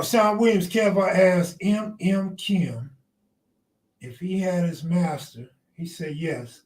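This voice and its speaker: A man hosts a casual live stream, trading loose, joking banter with his chat. His voice sits slightly high. He is heard from a distance with a roomy echo. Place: outdoors near the ocean.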